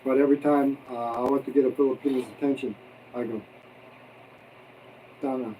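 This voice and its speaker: Relaxed male host talking through a meal, warm dark tone, light background hiss. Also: medium pitch, fast talker, recorded from a distance, rough recording. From abroad, expat. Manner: chatty, joking, eating while talking. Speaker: livestream host. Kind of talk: casual mukbang chat. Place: home in the Philippines.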